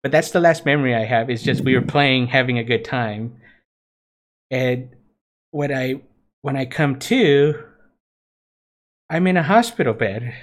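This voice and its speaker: A young man co-hosting a podcast, telling a wild college story in a casual, profane way. He laughs at himself as he goes and keeps it loose and chatty. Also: mid-range voice. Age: young adult. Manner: laughing, profane, self-mocking. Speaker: podcast co-host.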